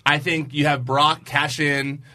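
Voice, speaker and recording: A man co-hosting a casual chat about wrestling, animated and laughing often, with plenty of fillers. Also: a little high, a little slow. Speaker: podcast co-host.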